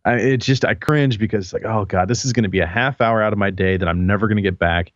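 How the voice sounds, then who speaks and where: Low-voiced halting male co-host, dull audio. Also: no echo. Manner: halting, repeats words, self-deprecating. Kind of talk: casual live podcast chat. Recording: dull lo-fi mic sound.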